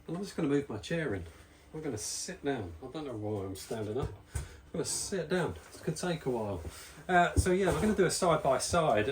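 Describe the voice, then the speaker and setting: A man's voice: mid-range voice, slight background noise. A man from the UK hosting a casual beer review, chatty and rambling with self-deprecating asides, slightly out of breath. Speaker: beer reviewer, channel host.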